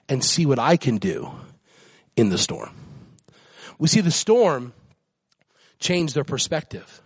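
A man preaching a sermon as guest pastor, climbing to excited high peaks and dropping to soft near-whispers. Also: slow, pauses often, slightly rough, dry recording.

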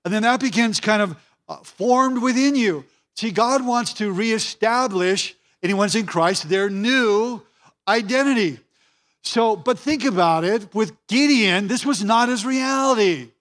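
A man's voice: high voice, unhurried, a bit bright. A man pastor preaching a sermon in a church, repeating key phrases for emphasis and acting out the voices he quotes.

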